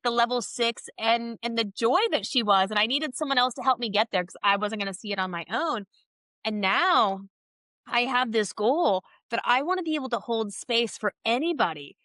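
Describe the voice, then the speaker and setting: Podcast guest, woman, 30s, bright and forceful, open and emphatic, dry recording. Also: on the high side, no echo. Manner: open and emphatic, animated with swearing. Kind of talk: candid interview conversation.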